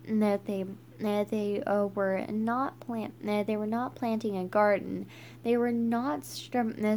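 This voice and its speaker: A woman reading a children's book aloud, halting and stumbling with frequent restarts. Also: on the high side, a little mellow, a little hiss or hum. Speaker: reader.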